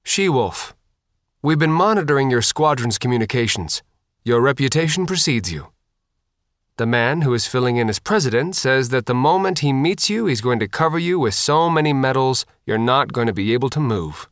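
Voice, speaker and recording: A man voicing a formal male navy submarine officer speaking in measured radio procedure. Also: mid-range voice, animated, dry recording, studio quality, close to an everyday voice.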